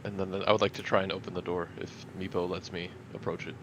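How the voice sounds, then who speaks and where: A man's voice: low-pitched, level tone, quick pace. A man playing a tabletop game, talking in a casual, offhand way. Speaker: player. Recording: dull, distant mic with faint noise.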